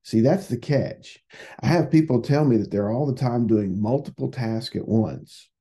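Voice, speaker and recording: A man's voice: mid-range voice, normal speed, mellow, slightly rough. A man who works as a psychotherapist, hosting a solo podcast in a rambling, conversational way that often repeats words.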